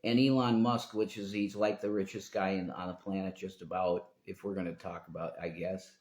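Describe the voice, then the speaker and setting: Low-voiced man rambling on a livestream. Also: flat delivery, normal speed, darkish tone. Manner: meandering, swears freely, trails off mid-sentence. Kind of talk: rambling live-stream monologue. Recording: roomy echo.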